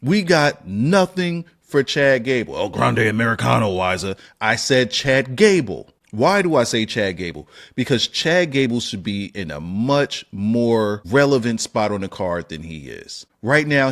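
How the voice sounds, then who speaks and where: Animated ranting man. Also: measured pace, few pauses. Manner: animated, profane, rhetorical questions, sudden high exclamations. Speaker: wrestling commentary channel host. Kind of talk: opinionated solo rant.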